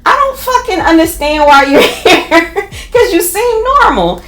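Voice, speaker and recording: A woman voicing a blunt, protective young female roommate who swears loudly. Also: extremely high pitch, animated, a little slow, pitched above the performer's own voice, full character voice. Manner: brash, loud, swearing. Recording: roomy echo.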